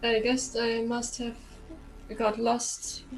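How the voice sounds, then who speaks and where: A woman's voice: a little high, monotone, slow pace, faint music behind. A woman playing a guilty pleading young girl. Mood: apologetic. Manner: pleading, apologetic, nervous laughter. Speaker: player. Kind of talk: tabletop role-play.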